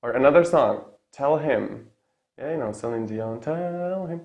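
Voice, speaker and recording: Man, Czech native speaker, English pronunciation teacher, casual lesson, repeats words slowly, says "yeah?" often. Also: mid-range voice, gravelly, dull audio. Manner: tags sentences with a questioning "yeah?".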